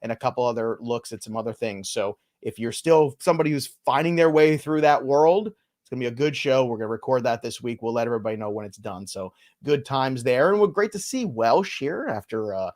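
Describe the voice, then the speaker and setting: A man's voice: mid-range voice, brisk, darkish tone. A man hosting a live fantasy baseball show, casual and playful in his banter with a co-host. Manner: jokey, playful, teasing co-host.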